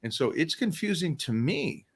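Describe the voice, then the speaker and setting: A man's voice: a little high, big pitch swings, moderate pace, vocal fry, slightly rough. A man in his sixties hosting a casual sponsored chat, talking in an emphatic, rambling way, repeating and restarting his words. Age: 60s. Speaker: show host.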